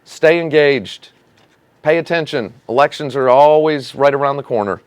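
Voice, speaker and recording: A man's voice: mid-range voice, normal speed, clean tone, no room sound. A man hosting a casual local politics show, ranting with sarcasm and indignation about his city council. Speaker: host of a local commentary show.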